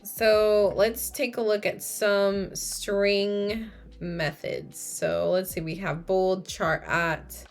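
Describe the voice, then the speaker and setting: A young woman works through a coding problem on a live stream, talking at an unhurried pace. She thinks aloud, greets viewers and keeps correcting herself. Faint music and the clatter of a keyboard sit behind her mid-pitched voice. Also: level tone, creaky.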